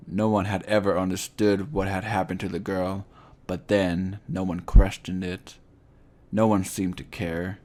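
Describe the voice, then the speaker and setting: Male narrator, very low and monotone, unhurried, somber horror storytelling. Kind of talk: scripted ghost-story narration.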